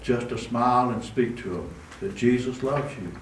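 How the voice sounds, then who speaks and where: A man's voice: mid-range voice, moderate pace. A man preaching a conversational sermon, with asides and restarts, recorded in a church. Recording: roomy echo, distant mic, faint room noise.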